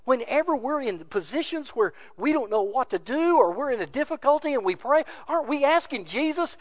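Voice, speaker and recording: Male pastor, high voice, earnest sermon delivery, shifting soft to loud. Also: lively intonation, a little fast, hardly any pauses, dry recording. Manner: earnest exhorting preaching, swinging between soft and loud.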